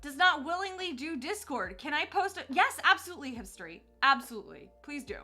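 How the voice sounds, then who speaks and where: A woman's voice: high voice, sing-song, fairly quick, pushed and bright, faint music behind. A young woman chatting to her viewers on a live stream, bubbly and gushing, laughing often.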